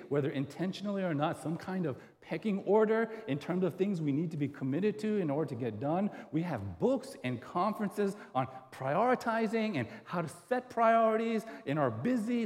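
Lively preacher in an echoing hall. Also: male voice, fairly high pitch. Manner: conversational preaching with rhetorical questions. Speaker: pastor. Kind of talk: sermon. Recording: hall reverb.

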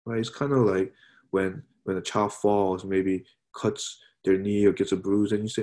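A man preaching a sermon in a conversational style, often adding "right?" and dropping his voice softly for quoted words. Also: on the low side, steady tone, normal speed. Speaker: pastor.

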